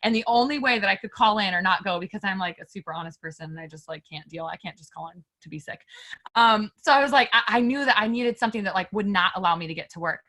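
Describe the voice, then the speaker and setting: A woman guest on an interview, telling a personal story in a candid, animated way and talking straight to her listeners. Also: mid-range voice, fast. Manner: animated and emphatic, filler-heavy; candid, addresses listeners directly.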